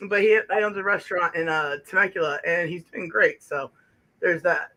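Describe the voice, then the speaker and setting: A man chats casually as a call-in guest, cracking jokes and tripping over his restarts. His voice sits high and sounds bright and sharp. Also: moderate pace, poor audio. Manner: jokey, giggly, stammering restarts. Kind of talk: casual chat.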